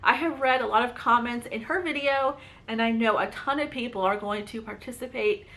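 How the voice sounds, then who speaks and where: A woman's voice: a little high, fairly quick, a bit bright. Bubbly Southern woman vlogging. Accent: light Southern US. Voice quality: bubbly, chatty, lots of "like" and "you guys". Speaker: book channel host. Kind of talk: casual chat to camera.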